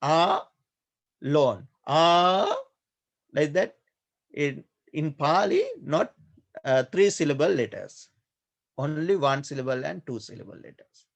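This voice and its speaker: A male monk teaching a grammar class in a slightly raised voice with a gravelly edge. He speaks slowly, repeating each term and stopping often with filler sounds. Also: on the high side, animated. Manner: slow, repetitive, hesitant with many fillers. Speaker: Pali teacher, Buddhist monk. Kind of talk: online class lecture.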